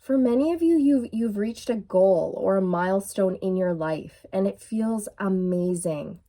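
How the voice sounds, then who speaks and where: A woman's voice: medium pitch, unhurried. Chatty woman giving a tarot reading. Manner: chatty, excitable, many fillers and restarts. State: clearing her throat. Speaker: tarot reader. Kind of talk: intuitive tarot reading to camera.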